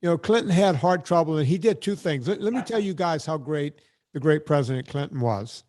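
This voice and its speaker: A man's voice: a little high, expressive, a little fast, darkish tone, a little hiss or hum. A man hosting a podcast, ranting bluntly and sarcastically in casual chat. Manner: blunt, sarcastic, emphatic rants. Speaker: podcast host.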